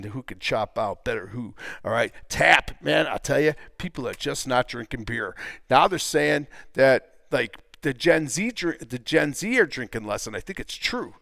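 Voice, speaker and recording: A man's voice: mid-range voice, vocal fry, a bit bright, no room sound, studio quality. A man casually talking through stock charts as a trading teacher, rambling, repeating himself and throwing in jokey asides.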